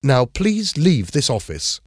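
A man's voice: medium pitch, wildly swooping pitch, slow pace, slightly rough, dry recording, clean studio sound, voice pushed up, exaggerated voice. A man voicing a busy female magazine reporter who turns cold and dismissive.

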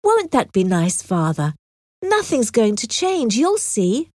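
A woman voicing a lively young heroine in a storybook, earnest and pleading. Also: a little high, slow pace, dry recording, clean studio sound, full character voice. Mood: coaxing.

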